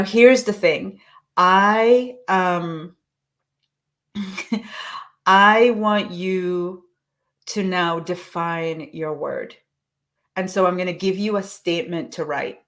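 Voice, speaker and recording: Lady life coach on a livestream, slightly low voice, encouraging, reads affirmations nice and slow. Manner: slow, deliberate recitation of affirmations; encouraging, with frequent restarts. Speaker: life coach leading a live session. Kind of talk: live online coaching session.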